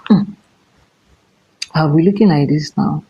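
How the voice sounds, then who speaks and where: A Nigerian woman, an Ifa priestess, giving a casual spiritual talk, dropping into hushed whispers and rising to high exclamations. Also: measured pace, breathy edge, muffled recording.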